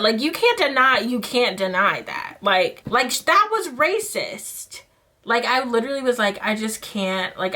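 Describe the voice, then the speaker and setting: A young adult woman talking candidly in a casual storytime vlog, animated and full of fillers while she does her makeup. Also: fairly high pitch. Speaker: vlogger.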